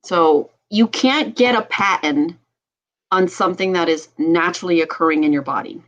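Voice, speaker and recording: A woman who is a doctor and hosts a health talk show, talking with animated passion and laughing often. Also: lowish voice, normal speed, dull audio. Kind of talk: casual talk show chat.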